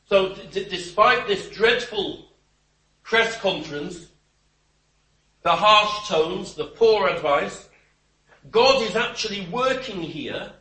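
Man, preacher, bright forceful tone, distant mic, echoey room, wry emphatic delivery. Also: high-pitched, animated, slow, pauses often. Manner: wry, emphatic, scornful asides. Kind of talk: expository sermon. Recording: roomy, distant church mic.

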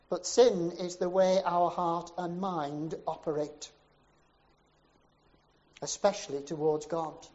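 A man preaching a sermon as a story, with rhythmic repetition that swells to emphatic peaks and sinks low again. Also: little pitch movement, slow pace, long pauses, darkish tone. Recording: dull, muffled sermon recording.

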